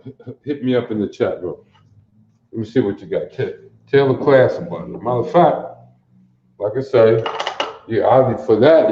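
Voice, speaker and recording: A man's voice: medium pitch, reverberant, lo-fi sound. A man from teaching a livestreamed Bible class, quizzing his listeners and repeating phrases over and over to drill them. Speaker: religious teacher.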